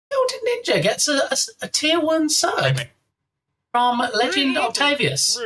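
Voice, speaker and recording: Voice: mid-range voice, bright, forceful tone, a little hiss or hum. A live-stream host chatting casually and playfully, reading out viewer names and thanking them one by one. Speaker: livestream host.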